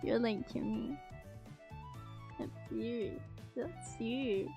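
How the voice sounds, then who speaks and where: A woman's voice: fairly high pitch, extremely slow, creaky, music in the background. A woman streamer chatting casually to her viewers, playful and teasing, often giggling. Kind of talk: casual live-stream chat.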